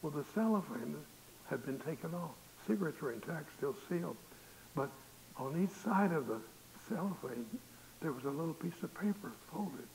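In a church, an older pastor acts out characters' voices while telling folksy stories in his sermon. His pitch is fairly high and his tone darkish, with lively intonation, vocal fry and a moderate pace. The rough recording carries hiss and faint noise.

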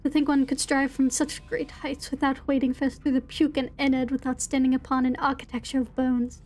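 A woman voicing a grandiose Victorian gentleman in a put-on English accent, reading his journal theatrically. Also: high voice, little pitch movement, a little fast, close to an everyday voice. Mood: pompous.

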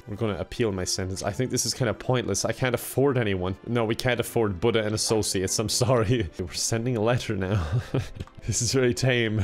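Young guy narrating his game run, laughs a lot, middle pitch, faint music behind. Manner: laughs often, jokey exclamations. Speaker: gaming YouTuber. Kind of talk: let's play commentary.

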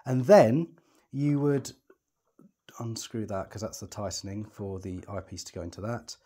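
On the low side and dark in tone, this man's voice moves at normal speed. He presents a hands-on tutorial on setting up a telescope, explaining each step while working, chatty and reassuring and often thinking aloud.

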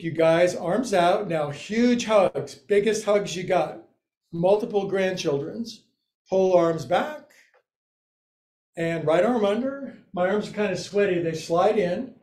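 This is a male yoga teacher with a fairly high voice, talking slowly and deliberately. He calls out the poses in a playful, joking way and keeps dropping silly asides into the class. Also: mellow. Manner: playful, jokey cueing with asides. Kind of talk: live yoga class instruction.

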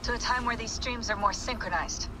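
Lady voicing a calm tech operator, matter-of-fact, kinda high voice, noisy game audio. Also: brisk, close to an everyday voice. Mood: focused. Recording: game audio with noise behind.

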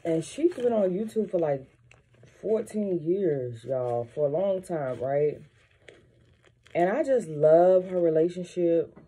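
Slow, low-voiced woman chatting to viewers. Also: slightly rough. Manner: chatty, blunt and expressive, swears freely, addresses viewers as y'all. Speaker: lifestyle vlogger. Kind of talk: casual morning chat to viewers. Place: home kitchen, indoors. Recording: home recording with noisy background.

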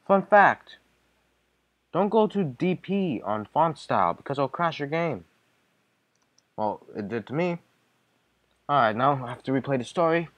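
A man hosting a game playthrough, rambling and joking between lines. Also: mid-range voice. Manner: rambling, jokey. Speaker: let's play host. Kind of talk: casual gameplay commentary.

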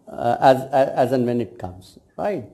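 Speaking to his students in a reflective video talk, a cosmetic science lecturer uses measured phrases that tend to end with "right?". His medium-pitched voice is animated yet mellow.

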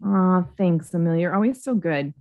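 A woman co-hosting a casual chat show, making her guesses aloud in an unhurried, thinking-out-loud way. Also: fairly low pitch. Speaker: co-host.

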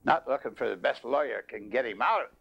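A man's voice: expressive, fast, gravelly. An older man preaching a sermon in a folksy way, telling a long personal story. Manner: folksy, rises in pitch when telling stories. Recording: dull lo-fi tape.

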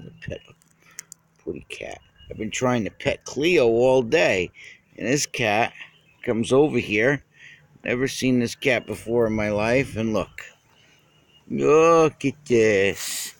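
A man's voice: fairly low pitch, gravelly, no echo. A man filming and fussing over a cat he just met, talking to it in cooing baby talk, outdoors on a phone camera. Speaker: cat owner filming a stray.

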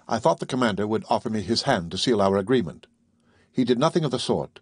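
Male audiobook narrator, measured reading, slightly husky voice, dry close sound. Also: on the low side, expressive, no room sound. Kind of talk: scripted first-person narration.

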